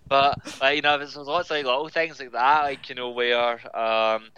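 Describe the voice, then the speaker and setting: Bright-voiced Scottish man, chatty guest. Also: mid-range voice, fairly even intonation, moderate pace, clear, resonant tone, dull audio. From Scotland. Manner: chatty, lots of "like" fillers. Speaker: comic book writer, guest. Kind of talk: casual podcast interview.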